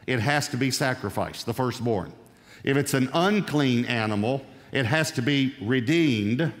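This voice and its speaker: A male preacher teaching through a Bible passage, explanatory and emphatic on key phrases, played as a sermon clip. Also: medium pitch. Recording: sermon clip with long hall reverb.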